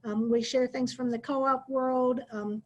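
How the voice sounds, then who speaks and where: A woman's voice: sits high, steady tone, measured pace, lo-fi sound. A woman on a webinar video call, explaining her co-op center's services in an informal way with fillers. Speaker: co-op center staff. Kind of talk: webinar discussion.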